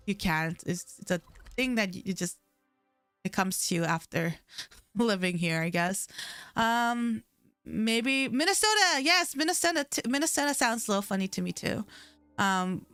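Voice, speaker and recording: A woman's voice: medium pitch, a bit bright. A young woman livestreaming from home, chatting casually with her chat in a rambling way, full of "like" fillers, into a desk mic.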